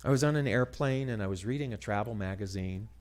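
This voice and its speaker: A man telling a story as a sermon, dramatic and animated, dropping to hushed asides. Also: fairly low pitch, fast talker. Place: church sanctuary.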